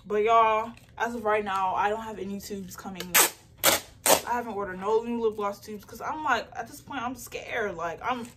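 A young woman in a casual home vlog, talking straight to her phone while she packs orders. She tells her story in a chatty, animated way, full of "like", with faint crinkling of mailers and tape behind her. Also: mid-range voice, normal speed, far from the mic, background noise. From Nigerian heritage. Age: young adult. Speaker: small business owner vlogger. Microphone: phone camera.

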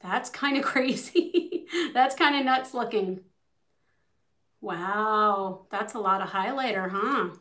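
A woman's voice: mid-range voice, slow pace, bright, forceful tone. A young adult woman beauty vlogger chatting casually through a makeup tutorial, bubbly and swearing freely as she talks to her viewers.

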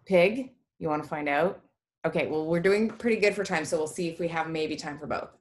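A woman's voice: low-pitched, brisk. A young woman who teaches a reading class online, in an upbeat, chatty and encouraging way over a video call. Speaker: reading tutor. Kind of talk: casual online class talk.

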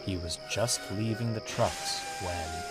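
A man narrating a read-aloud story in a measured, expressive way. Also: deep voice. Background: music.

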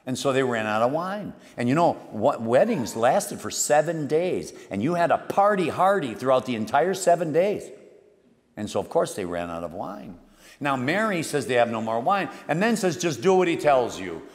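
A man preaching a homily as a priest, telling the story dramatically and moving between hushed and emphatic delivery. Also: mid-range voice, sing-song, moderate pace. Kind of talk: sermon. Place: church. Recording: long church reverb.

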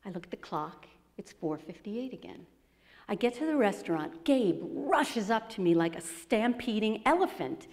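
Mellow-voiced woman telling a story. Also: medium pitch, moderate pace. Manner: animated, acts out quoted voices. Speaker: speaker presenting her book. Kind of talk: storytelling talk to an audience. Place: expo presentation hall. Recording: long hall reverb.

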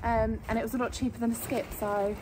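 Young woman, vlogger, fairly high voice, rambling casual chat into a phone with plenty of fillers; noisy home recording. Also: flat delivery, fast talker. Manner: chatty, lots of "um" and "like". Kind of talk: casual renovation vlog. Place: home being renovated.

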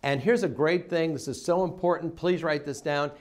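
A middle-aged man giving a seminar talk to dental office staff, emphatic and acting out phone calls in quick voice changes. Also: fairly high pitch. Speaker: dental practice consultant.

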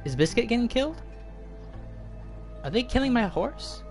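Let's play host: panicky, excitable, big swings in pitch, quiet game music underneath. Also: moderate pace. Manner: excitable, shrieks and panicked outbursts. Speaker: gaming video host.

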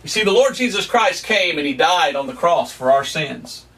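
A bright, high-voiced man preaches an earnest, emphatic sermon as a missionary evangelist. His pitch swings up and down as he presses each point, and he is recorded indoors at home. The mic sits a little distant from him. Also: animated, moderate pace.

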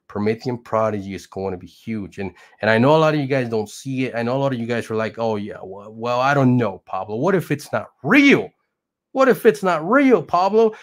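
Brash, foul-mouthed man hyping crypto. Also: medium pitch. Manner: profane, brash, hype-driven, laughs mid-sentence. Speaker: crypto channel host. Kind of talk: casual motivational rant to camera.

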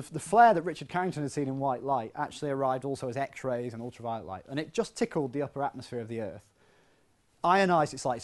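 A male physics professor gives a public lecture, talking quickly and conversationally. His voice sits in a middle pitch, and he keeps the tone lively with the odd self-deprecating aside. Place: lecture hall.

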